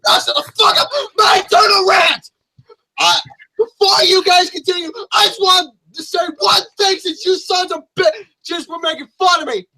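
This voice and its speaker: A man's voice: very high-pitched, animated, unhurried, pushed and bright, dry recording, exaggerated voice, low-quality recording. A man voicing Gary, a furious, foul-mouthed man who screams and curses in a rant.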